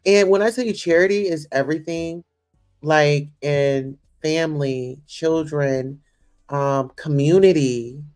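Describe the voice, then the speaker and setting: A woman's voice: low-pitched, slow pace, darkish tone, soft background music. A young woman hosting a casual livestream chat, effusive and gushing, full of "you know" and "listen here.". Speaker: host.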